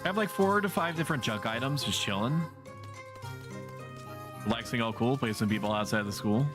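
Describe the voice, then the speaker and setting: A man's voice: mid-range voice, animated, brisk. A man streaming a game, chatting casually with rambling jokes and casual swearing. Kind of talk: casual gameplay commentary. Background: game music.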